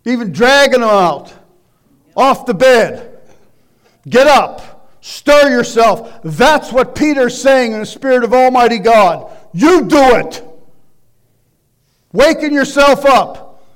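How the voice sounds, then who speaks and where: A man preaching a sermon, loud and emphatic, shouting exhortations and dropping into quiet asides. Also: very high-pitched, expressive, takes it slowly, pauses often. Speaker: pastor.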